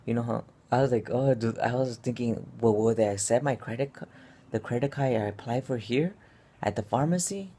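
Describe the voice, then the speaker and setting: A man's voice: medium pitch, moderate pace, mellow, a little hiss or hum. A man telling a stressed personal story in a casual vlog, rambling with many fillers and restarts. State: stressed and upset. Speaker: vlogger.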